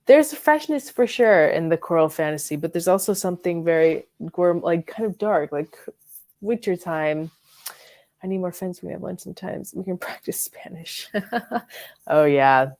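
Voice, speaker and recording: Her voice sits fairly low, with a darkish tone, an animated energy and a moderate pace. She's a fragrance reviewer hosting a live stream from her bedroom, chatting casually about perfumes and rambling along with plenty of fillers and giggles.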